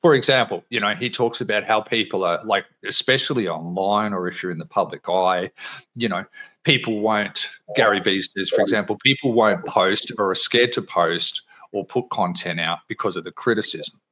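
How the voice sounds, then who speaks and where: A man's voice: fairly low pitch, normal speed, sharp tone. A man hosting a podcast in a casual, conversational way, swearing now and then and mimicking the people he quotes. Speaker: podcast host.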